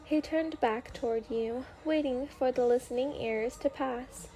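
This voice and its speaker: A woman narrating a story in a gentle, unhurried ASMR reading. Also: high-pitched. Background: faint music.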